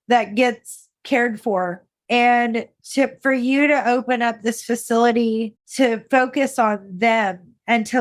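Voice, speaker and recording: Female podcast host, slow deliberate pace, somewhat high, emotional and sincere, dry mic. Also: no room sound. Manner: warm-hearted, slow and emotional. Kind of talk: interview conversation.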